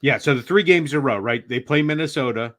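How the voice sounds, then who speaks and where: Measured middle-aged man analysing sports. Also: mid-range voice, a bit bright. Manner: measured, explanatory, with many "you know"s. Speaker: co-host, the host's father.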